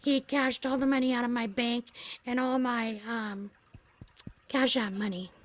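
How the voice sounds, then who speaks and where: A woman's voice: on the high side, steady tone, normal speed, slight background noise, rough recording. A woman hosting a livestream, earnestly recounting a personal experience in casual talk. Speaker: livestream host. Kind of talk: casual storytelling.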